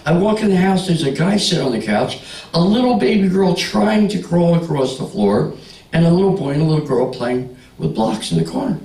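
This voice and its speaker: With a fairly high, expressive and slightly mellow voice, a comedian in his sixties moves fairly quickly through jokes and stories for a live party crowd, talking back to them. The recording is roomy, the mic distant.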